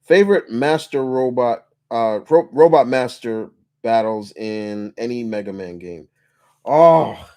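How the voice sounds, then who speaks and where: A man's voice: mid-range voice, lively intonation, takes it slowly, darkish tone. A man hosting a casual live question-and-answer chat, laid-back, laughing often and rambling with restarts. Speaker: host.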